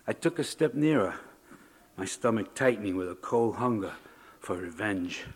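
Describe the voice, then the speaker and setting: Male reader at a writing awards event, measured and dramatic, reading first-person prose. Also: fairly low pitch, animated, breathy edge.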